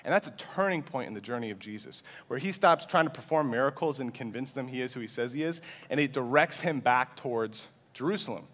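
A male pastor giving a sermon in a conversational style, sometimes dropping to a soft, quiet voice. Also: mid-range voice, animated, fairly quick, few pauses. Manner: conversational preaching, acts out quoted voices, sometimes drops to a hush.

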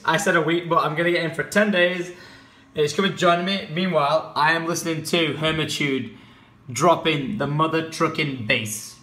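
A young man from England vlogging casually, excitable and swearing a lot, with bursts of shouting. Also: on the high side. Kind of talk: casual vlog chat.

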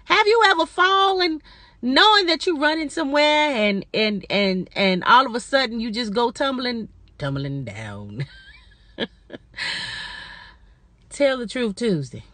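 A woman's voice: fairly high pitch, sing-song, measured pace, pauses often, bright, forceful tone, no room sound. A middle-aged woman in a casual personal vlog, chatty and talking straight to her viewers as y'all. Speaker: vlogger.

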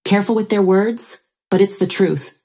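A woman's voice: medium pitch, fairly even intonation, normal speed, mellow, slightly rough. A woman voicing a cold husband who brushes off his wife's feelings. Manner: cold, dismissive.

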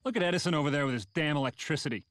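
An actor playing an angry, freezing male neighbor who shouts complaints in a cartoon. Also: on the high side, very fast, slight background noise, natural voice. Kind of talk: cartoon voice acting.

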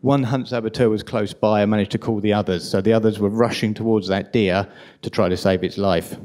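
A man with a strong London accent giving an impassioned, indignant conference talk at a rapid pace. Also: on the low side, fairly even intonation, darkish tone. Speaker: conference speaker.

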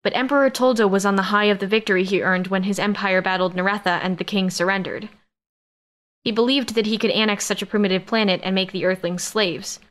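A woman narrating a science-fiction romance audiobook in the first person, with a steady, expressive reading. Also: mid-range voice, fairly quick.

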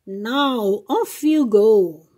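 A woman voicing a kindly fairy godmother in a children's storybook reading, speaking in a gentle, soothing way. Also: fairly high pitch, animated, very slow, husky, heavily acted. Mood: instructing. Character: kindly magical old fairy godmother, reassuring. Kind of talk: storybook read-aloud for children.

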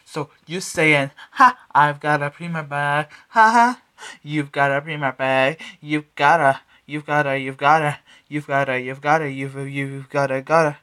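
A man's voice: on the high side, fairly bright tone, smooth. Young male singer, sassy and taunting, stuttered repeats, spoken-sung delivery. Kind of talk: sung pop track with spoken-sung verses.

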